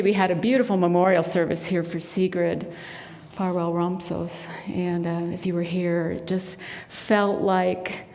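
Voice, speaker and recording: A woman minister with a mid-range, darkish voice gives a sermon in a spiritual center sanctuary, telling a personal story and acting out the voices of the people in it. The recording carries long hall reverb.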